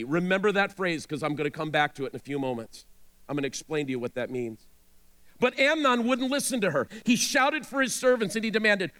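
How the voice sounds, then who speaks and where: A male pastor preaches in a high voice that swings up and down with strong animation. He tells the scripture story dramatically and breaks off now and then to speak straight to his listeners. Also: lively intonation, fairly quick, fairly bright tone, smooth. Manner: dramatic storytelling, asides to the audience. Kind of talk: sermon.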